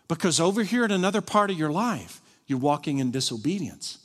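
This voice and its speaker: A male pastor preaching a sermon, animated, acting out the people he quotes. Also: on the high side, fairly quick, few pauses, husky. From Kentucky. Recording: long reverb of a large hall.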